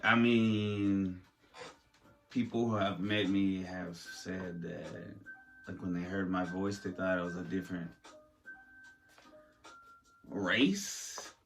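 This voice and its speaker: A man's voice: deep voice, level tone, takes it slowly, long pauses, faint music behind. A man hosting his own podcast in loose, rambling casual chat, jittery from coffee, with lots of fillers and restarts. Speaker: podcast host.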